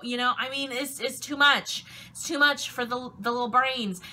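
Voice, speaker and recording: A woman's voice: high voice, steady tone, normal speed, hardly any pauses, sharp tone. A woman chatting playfully while cooking in her home kitchen, talking to her food as she goes. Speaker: cooking vlogger. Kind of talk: casual chat while cooking.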